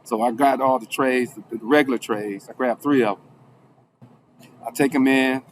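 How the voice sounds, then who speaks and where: Man, mid-pitched, conversational storyteller who circles back and restarts a lot, faint background hiss. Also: fairly even intonation, measured pace. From Alabama, USA. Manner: rambling, with restarts, acting out quoted people in a raised voice. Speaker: former defendant telling his story. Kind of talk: casual spoken storytelling.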